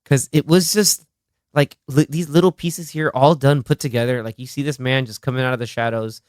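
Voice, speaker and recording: This young podcast host's voice is mid-range and fairly quick, recorded dry with clean studio sound. Chatting casually, he retells film scenes with lively energy, acts out quotes in different voices, and laughs frequently.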